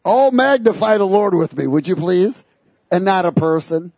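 A man preaching a sermon, lively and sarcastic, laughing between his points. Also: high-pitched, normal speed, dry recording.

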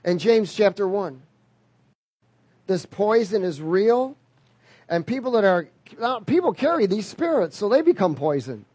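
A man's voice: high voice, sing-song, measured pace, darkish tone, slightly rough, no echo. A man preaching a sermon in an emphatic way, repeating key phrases and drawing call-and-response from the congregation.

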